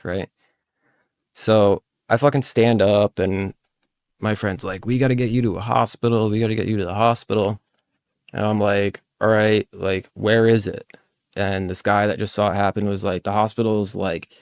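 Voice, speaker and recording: A man's voice: lowish voice, no echo, clean studio sound. A man hosting a livestream, telling a long personal story in a casual, profane, rambling way, full of "like" and acted-out quotes. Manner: acts out friends' voices in quoted lines. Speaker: livestream host.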